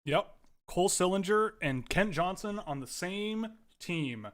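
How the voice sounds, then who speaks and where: A man hosting a casual livestream from home, giving rambling, animated commentary with frequent restarts. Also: high voice, unhurried. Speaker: livestream host.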